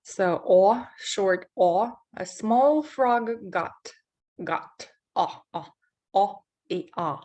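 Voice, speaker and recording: Slow, careful woman teaching pronunciation. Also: medium pitch, expressive, a little mellow. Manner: slow, deliberate, repeats words to model sounds. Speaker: English teacher. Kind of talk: pronunciation lesson.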